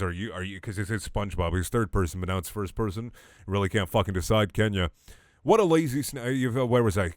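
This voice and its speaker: A man's voice: lowish voice, a bit bright, no echo, clean studio sound. Exasperated, swearing young man reading. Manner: exasperated, sarcastic, sweary ranting. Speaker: online comedy reader. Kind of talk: comedic dramatic reading with rants.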